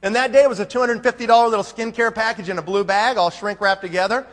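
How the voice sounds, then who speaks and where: A man's voice: sits high, fairly even intonation, quick pace, fairly bright tone. Man telling a story in a big hall. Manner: storytelling, acting out both sides of a phone call. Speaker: conference speaker. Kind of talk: motivational conference talk. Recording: long hall reverb.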